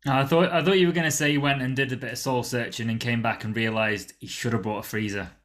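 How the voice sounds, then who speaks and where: A man's voice: mid-range voice, steady tone, quick pace, a bit bright. A man in a casual chat, throwing in dry, wry remarks.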